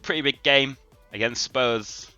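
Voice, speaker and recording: A man commentating on his own football video game livestream, getting worked up and shouting at the players. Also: mid-range voice, measured pace, smooth, dry recording, muffled recording, faint music behind. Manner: excitable, shouts at the players on screen. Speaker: gaming streamer. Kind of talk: live gameplay commentary.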